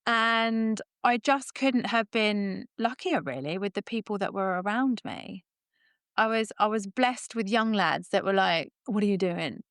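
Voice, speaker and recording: Woman in her thirties, animated anecdotal guest, mid-pitched voice, close dry mic. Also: unhurried, clear, resonant tone, no echo. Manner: lively storyteller, laughs often. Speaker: roofer and business owner, guest. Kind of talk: casual interview chat. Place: podcast recording.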